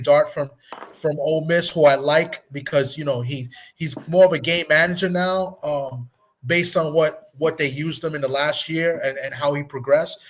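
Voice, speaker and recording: A man from Puerto Rico talking football on a casual sports stream, rambling and thinking aloud with many fillers. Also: on the high side. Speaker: guest fan analyst.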